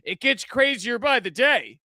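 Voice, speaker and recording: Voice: mid-range voice, animated, unhurried, sharp tone, no room sound, clean studio sound. A streamer giving casual reaction commentary on posts, reading them aloud, saying dude and man, and breaking into laughter again and again. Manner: slangy and loose, says dude and man.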